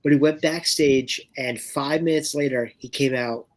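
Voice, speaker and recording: A man of middle pitch co-hosting a fan show, recounting convention stories at an easy pace. His sentences often fade into a quieter end. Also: fairly even intonation, normal speed. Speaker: co-host of a fan watch-along show. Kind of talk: casual fan chat.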